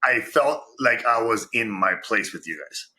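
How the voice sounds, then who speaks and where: A man's voice: mid-range voice, normal speed, pushed and bright. A man from Vancouver, a podcast guest, telling his story in casual chat and swearing constantly. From Vancouver, Canada.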